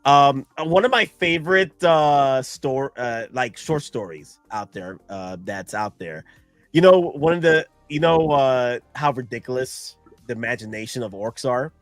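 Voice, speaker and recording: A man hosting a casual stream chat who talks in an excitable, rambling way and laughs often. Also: medium pitch, a little slow, no echo, soft background music. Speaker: streamer host.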